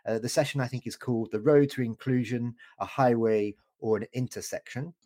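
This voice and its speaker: A man's voice: medium pitch, brisk, mellow. Upbeat British man hosting a podcast. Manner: upbeat, with stumbling repeats. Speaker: podcast host. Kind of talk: podcast interview questions.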